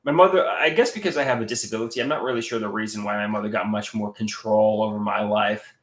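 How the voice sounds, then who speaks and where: A man's voice: on the low side, fast, roomy sound. A man chatting casually on a livestream, reading viewer comments aloud and greeting chatters.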